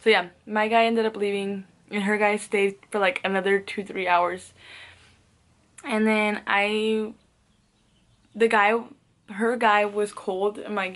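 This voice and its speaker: A woman's voice: medium pitch, flat delivery, measured pace, a bit bright. A young woman telling a casual storytime, rambling and swearing, with frequent "like" fillers and laughs between phrases. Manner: rambling, profane, peppered with "like". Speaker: vlogger.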